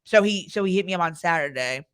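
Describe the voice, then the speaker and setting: A woman's voice: on the low side, animated, quick pace, fairly bright tone, clean tone. A woman co-hosting a podcast, telling a story in casual chat, filling her speech with "like". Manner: chatty storytelling, many fillers like "like". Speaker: podcast co-host.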